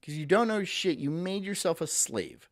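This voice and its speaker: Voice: medium pitch, very animated, moderate pace. Brief: ranting streamer, heavy sarcasm and swearing, voice swings up and down a lot. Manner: sarcastic, profane, mocking. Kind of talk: ranting live-stream monologue.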